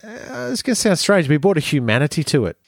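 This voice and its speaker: A young man co-hosting a podcast, chatting casually with animated, slangy, joking banter. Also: fairly high pitch, fast, gravelly, dry recording, clean studio sound. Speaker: podcast co-host. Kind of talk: casual chat.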